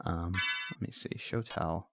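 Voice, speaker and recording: A man's voice: deep voice, unhurried, vocal fry. A man from Texas giving rambling, filler-heavy, self-deprecating commentary while he plays a video game. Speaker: let's play commentator. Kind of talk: casual gameplay commentary. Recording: game music playing under the voice. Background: game music.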